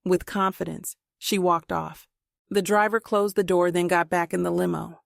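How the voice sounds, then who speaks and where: A woman narrating a suspense thriller audiobook in a steady, measured reading. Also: fairly low pitch, creaky, no room sound, clean studio sound.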